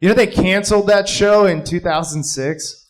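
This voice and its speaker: A man performing a stand-up comedy set, rambling and jumping into shouted character voices. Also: high voice, normal speed, low-quality recording. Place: live comedy club.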